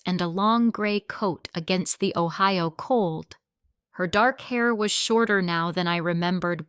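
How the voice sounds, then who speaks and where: A woman reading a first-person family drama story aloud in a measured, emotional storytelling manner. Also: fairly low pitch, a bit bright, clear, resonant tone, no echo, clean studio sound.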